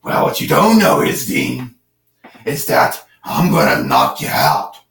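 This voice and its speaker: A man voicing a brooding superhero with a low, hoarse, gravelly voice and a stern, cold way of issuing challenges. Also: huge pitch swings, slow, a bit bright, heavily acted. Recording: roomy, distant from the mic.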